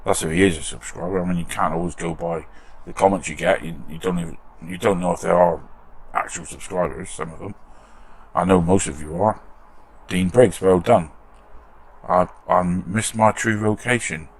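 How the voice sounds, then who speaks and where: A man's voice: low-pitched, steady tone, moderate pace. A British man hosting a model restoration channel, chatting casually in his shed workshop and reading out viewer comments with self-deprecating humour.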